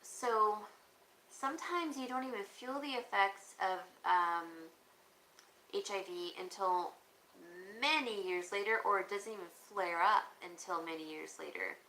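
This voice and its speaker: A woman's voice: medium pitch, unhurried, sharp tone. A woman hosting a livestream auction, chatting casually and rambling while she answers viewer comments. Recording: echoey room with faint background noise.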